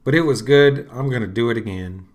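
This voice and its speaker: A man, middle-aged, hosting a podcast and talking casually in a rambling, unhurried way with lots of fillers. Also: mid-range voice. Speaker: podcast host. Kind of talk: casual solo talk.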